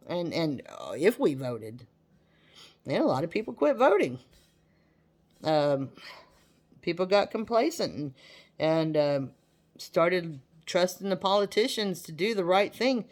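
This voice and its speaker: Chatty woman vlogger with a drawl. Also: on the low side. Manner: chatty, animated, repeats herself. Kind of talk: casual talk to camera.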